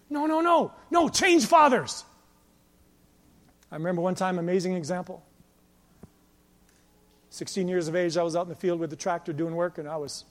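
A male pastor preaching a sermon with passion, moving between loud emphatic lines and quiet storytelling. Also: high-pitched. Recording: long hall reverb.

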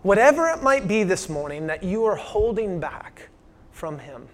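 Higher-voiced man preaching conversationally. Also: sing-song, moderate pace. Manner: conversational preaching with rhetorical questions, dropping soft for emphasis. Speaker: pastor. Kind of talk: sermon.

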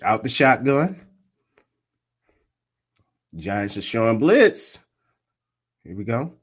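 A man doing casual live play-by-play of a football game, trash-talking and laughing, swinging from muttered asides to loud outbursts. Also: mid-range voice, big pitch swings, takes it slowly, breathy edge. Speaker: live sports commentator and streamer.

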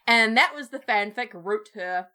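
A woman's voice: fairly high pitch, sharp tone. A woman co-hosting a podcast, reading fanfiction aloud with dramatic delivery and chatting casually. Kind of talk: casual chat.

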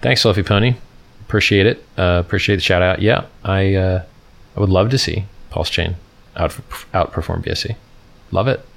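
A man with a fairly low voice hosts a casual livestream. He rambles and scrolls along, reading bits from the screen and throwing in sarcastic, mocking jabs. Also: moderate pace, creaky. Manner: reads from the screen and chats with viewers. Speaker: livestream host.

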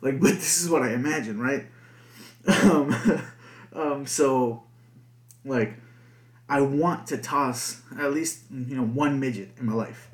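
Young dude podcasting solo, lots of likes and f-words, kinda roomy echo. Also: male voice, mid-range voice, slow pace, long pauses. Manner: rambling, heavy swearing and filler words. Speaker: podcast host. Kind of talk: casual podcast monologue. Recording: echoey room.

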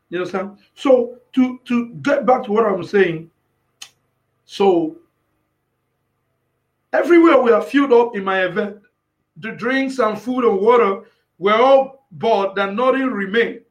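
A man in the music business giving an emotional personal testimony, near tears, who keeps repeating "you understand?" and breaks into shouted praise. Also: high voice. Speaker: music industry professional.

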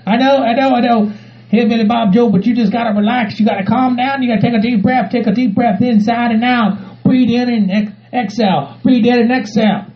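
A man doing a squeaky, gravelly sidekick. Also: fairly even intonation, fairly quick. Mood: pleading calming. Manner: pleading, soothing, repetitive. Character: anxious gravelly sidekick friend, male. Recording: muffled recording.

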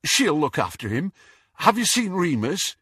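Man reading as an anguished young woman, raised pitch, bright and husky. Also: very animated, a little slow, dry recording, studio quality, full character voice. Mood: anxious. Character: young woman, anxious and restless.

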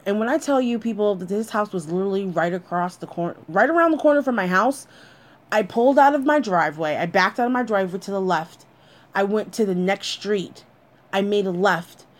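A young adult woman telling a personal story with lots of swearing, addressing her listeners directly. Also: mid-range voice.

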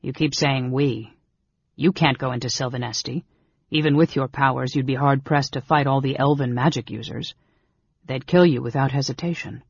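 A man's voice: medium pitch, steady tone, normal speed, creaky, husky, dry recording. A man voicing a troubled, hot-tempered male half-elf warrior in an audiobook, urgent and protesting. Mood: agitated. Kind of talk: audiobook character reading. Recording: dull lo-fi recording.

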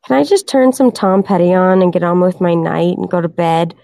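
A tired, hoarse woman hosting a casual livestream and chatting with her viewers. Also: on the low side, steady tone, brisk, mellow, no echo, studio quality. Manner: chatty, addresses viewers in chat. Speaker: livestream host.

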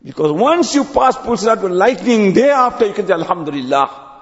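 Imam, male, high and lively sermon voice; dull recording in a reverberant hall. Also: fairly quick. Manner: storytelling, drops to low quiet tones at ends of phrases.

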